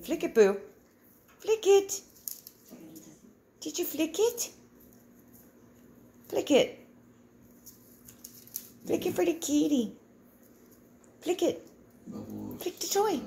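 A woman's voice: high voice, big pitch swings, very slow, pauses often, warm tone. A woman talking baby talk to her pets at home, coaxing them in a cooing sing-song and laughing often. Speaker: pet owner filming her pets. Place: home indoors.

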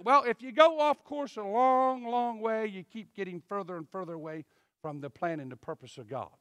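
Male pastor, bright and forceful sermon voice, dry sound, emphatic. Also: high voice, moderate pace, no room sound. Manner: emphatic, swinging from loud to hushed. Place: church.

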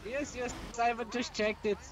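A man doing a fake-Russian drug cook in a game role-play, high-pitched and chatty, his broken English peppered with "yes, yes" and talk about himself in the third person. The put-on accent is thick and playful, with a faint hum of noise behind. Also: flat delivery, normal speed. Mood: eager. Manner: broken English, repeats yes, yes, self-mocking.

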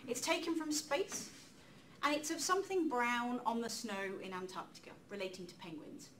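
A woman giving a public talk in a lecture room, lively and chatty, with self-deprecating asides. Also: on the high side, normal speed. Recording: distant mic with faint room noise.

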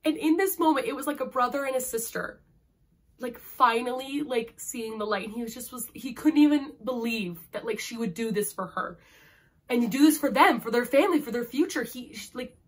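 A young woman with a fairly high voice reviews a book in a casual vlog at a normal pace. She gushes emotionally and scatters "like" all through her talk.

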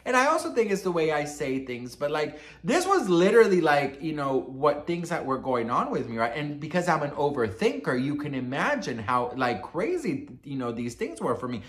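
A man's voice: on the high side, big pitch swings, moderate pace, hardly any pauses, fairly bright tone. A man giving a casual celebrity gossip vlog, sassy and dramatic, swearing often and rambling as he tells his story. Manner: rambling, loses his train of thought.

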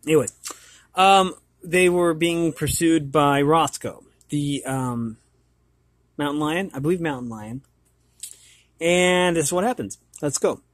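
A man's voice: a little high, a little slow, pauses often, no echo. Hesitant man reading a storybook. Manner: hesitant, many fillers and repeated words. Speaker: channel host reading a children's book. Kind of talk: reading a children's book aloud.

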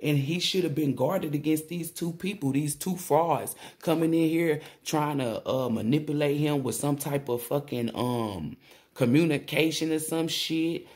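Woman tarot reader, casual monologue; profane, exclaiming, a little shaky with excitement. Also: low voice, unhurried.

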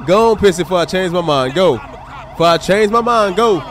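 A male streamer with a high, bouncy voice that swings all over as he reacts. He plays a highway patrol officer in a game and chats loosely with his audience. Faint game noise hums behind him. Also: fairly quick. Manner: animated, exclaiming, talks to chat and game characters. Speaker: streamer role-playing a state trooper. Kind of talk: casual live-stream gameplay chat.

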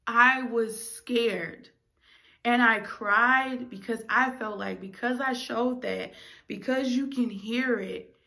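A woman's voice: medium pitch, bright, forceful tone. A young adult woman, a singer and vlogger, telling a candid, emotional personal story straight to her viewers.

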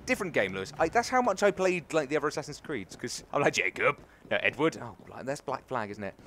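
A young man from England, a gaming YouTuber with a British accent, narrates his playthrough at a quick pace in a mid-range, fairly bright voice. Very animated, he jokes at his own expense while game music plays.

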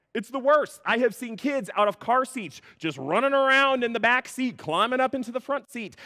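A man preaching a sermon as a pastor, an animated storyteller who laughs through his mock outrage. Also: very high voice, moderate pace, few pauses. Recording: long hall reverb.

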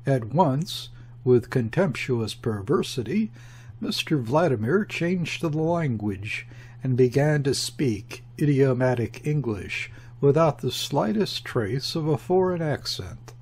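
A male audiobook narrator reads a classic novel in a measured, deliberate way. His pace is very slow and his voice has a husky texture. His pitch sits at an ordinary middle level. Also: a little mellow. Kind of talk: scripted narration.

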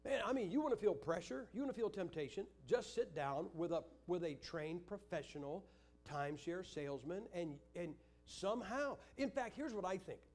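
A man's voice: high-pitched, animated, normal speed, darkish tone, faint music behind. An older man preaching in a church, teaching Sunday school with joking stories. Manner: joking, anecdotal storytelling.

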